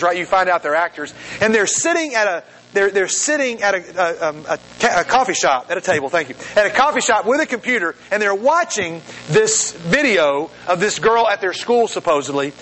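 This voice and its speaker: A man preaching a sermon to a youth group in a lively, conversational way, full of restarts and asides. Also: high voice, a little hiss or hum, poor audio. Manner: animated, conversational, many restarts. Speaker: youth speaker.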